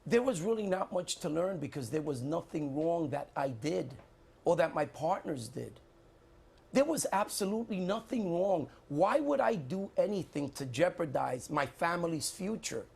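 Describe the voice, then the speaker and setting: A man's voice: fairly high pitch, very animated, moderate pace, creaky, a little mellow, breathy edge. A middle-aged man answering in a televised debate as a candidate, defensive and insistent, repeating his points.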